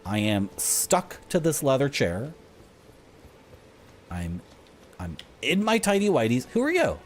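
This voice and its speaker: Low-voiced chatty woman streaming games. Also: sing-song, takes it slowly. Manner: chatty, rambling, self-mocking. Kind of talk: casual gaming commentary.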